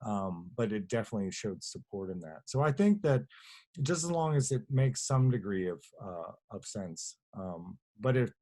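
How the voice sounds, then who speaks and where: A man's voice: on the low side, animated, moderate pace, mellow. A man, a guest artist on a webinar video call, answering questions in a rambling, plainspoken way and often correcting himself mid-sentence. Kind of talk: webinar talk.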